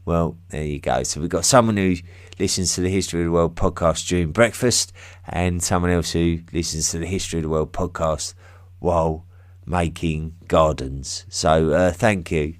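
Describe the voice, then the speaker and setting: An English man hosts a history podcast, working casually through listener mail with lots of ums, restarts and self-deprecating asides. His low voice keeps a steady tone at normal speed. The studio-quality recording is dry.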